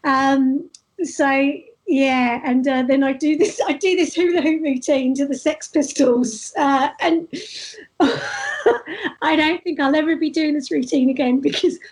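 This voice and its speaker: A woman, telling stories in a casual, animated way as a guest in an interview. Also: high voice, unhurried, low-quality recording. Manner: lively, animated storytelling with laughs. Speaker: street performer guest.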